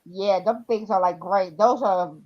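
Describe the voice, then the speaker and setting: A woman's voice: medium pitch, measured pace. Chatty woman on dull lo-fi audio. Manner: chatty, rambling with fillers. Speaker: livestream co-host. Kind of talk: casual chat.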